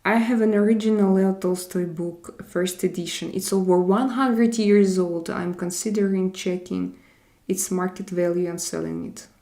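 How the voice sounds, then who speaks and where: Hosting a casual live stream, a Russian-accented woman chats with viewers and answers their comments, switching between languages. Her voice sits on the low side, with a dark tone, fairly even intonation and a moderate pace.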